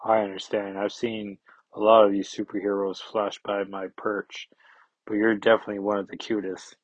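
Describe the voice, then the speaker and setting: Man reading as charming stone gargoyle, comic book, flirty, chatty, husky low voice. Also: flat delivery, normal speed, no echo, highs cut off, natural voice. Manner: flirty, friendly.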